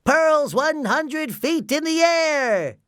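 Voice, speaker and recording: A man voicing an excitable young male sea sponge who speaks in a loud, high announcer's voice. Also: slow pace, dry recording, studio quality, full character voice. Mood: excited.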